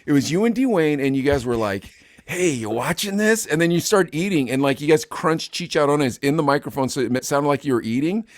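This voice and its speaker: Animated man with a lively voice. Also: a little high, fast, hardly any pauses, dry recording, clean studio sound. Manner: animated, laughs often, quotes people in funny voices. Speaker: podcast co-host. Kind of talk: casual chat.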